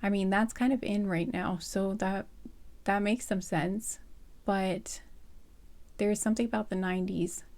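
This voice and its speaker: A woman with a slightly hoarse, throaty voice talks through a tarot-style reading. She muses aloud, soft and hesitant, circling back and restarting her sentences as she goes, with an easy giggly lightness. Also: mid-range voice, fairly even intonation, measured pace. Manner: rambling and hesitant, thinking aloud with many fillers and restarts. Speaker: tarot card reader. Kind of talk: casual pick-a-card reading.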